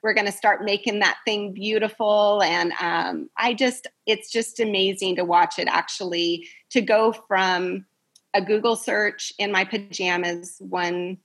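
A woman guest on a podcast, talking earnestly and enthusiastically, often pausing to find her words. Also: mid-range voice, fairly even intonation, fairly bright tone. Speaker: podcast guest, clinic founder. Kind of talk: casual interview chat.

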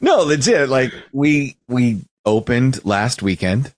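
A man co-hosting a casual podcast chat, animated and stop-start, laughing often. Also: medium pitch, slow pace. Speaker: podcast co-host.

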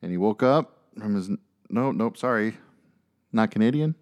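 A man's voice: on the low side, expressive, moderate pace, a little mellow. A man co-hosting a podcast, telling stories in casual chat with lots of fillers and jokey asides. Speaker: podcast co-host.

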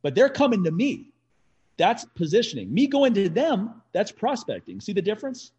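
A man with a fairly high, husky voice chats casually, spinning animated stories and laughing between lines. He swears freely and easily. The recording sounds dull and lo-fi. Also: moderate pace. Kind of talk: casual chat.

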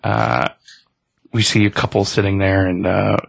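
A man's voice: sits low, level tone, a little slow, gravelly, husky. A man casually retelling and reviewing a comic book, with many fillers along the way.

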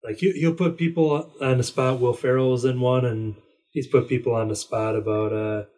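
A man's voice: medium pitch, fairly even intonation, moderate pace, a little mellow, distant mic, rough recording. A man chatting casually as a podcast co-host, rambling through a story and acting out quotes in a raised voice. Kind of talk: casual chat.

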